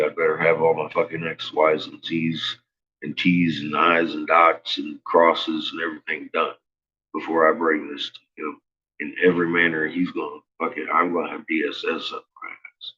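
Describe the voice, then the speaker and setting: A man's voice: a bass voice, flat delivery, normal speed, bright, forceful tone, dull audio. A man talking in a rambling, casual monologue, swearing often and stumbling over his words. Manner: profane, stammering, rambling.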